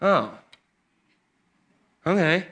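A man preaching a sermon with a high, lively voice that has a bright, ringing edge. He talks to the congregation like a friend, stumbling over repeated starts and then rising into excited emphasis. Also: drawn-out words. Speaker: pastor.

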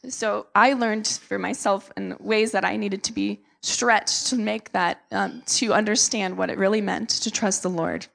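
A woman's voice: medium pitch, steady tone, unhurried, creaky, hardly any pauses, fairly bright tone. A young woman, a missionary, giving an earnest and emotional testimony to a church, with many fillers. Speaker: missionary speaker.

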